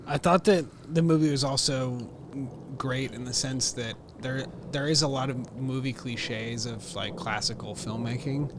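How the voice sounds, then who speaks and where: A young man with a mid-pitched voice chats about movies in a relaxed, agreeable way. He pauses and restarts now and then, with faint ambience in the background. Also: background noise. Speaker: podcast co-host. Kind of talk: casual chat.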